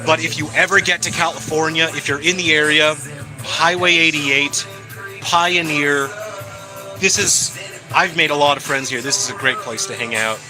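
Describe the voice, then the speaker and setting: Man, slightly high voice, casual live-stream chat, upbeat, talking to viewers, music behind. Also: steady tone, normal speed, poor audio. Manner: upbeat, chatty, answers viewers. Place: hangout spot in California.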